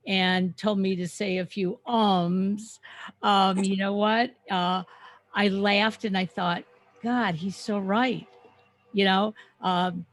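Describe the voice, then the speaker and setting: A woman in her seventies co-hosting a podcast, speaking candidly with lots of ums. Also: mid-range voice. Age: 70s. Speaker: co-host. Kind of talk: casual podcast chat.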